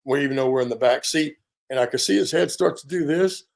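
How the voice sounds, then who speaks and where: Animated American man in his fifties telling a story. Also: mid-range voice, quick pace, gravelly. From United States. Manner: animated storyteller, acts out quoted dialogue, frequent fillers. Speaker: interview guest, military veteran. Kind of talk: conversational storytelling interview.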